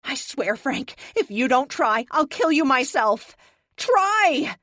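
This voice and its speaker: Woman doing a desperate armored heroine, shouting and pleading, high and strained, pitch swinging wide, dry audiobook sound. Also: very animated, slow pace, dry recording, full character voice. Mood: furious. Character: desperate young woman hero in power armor.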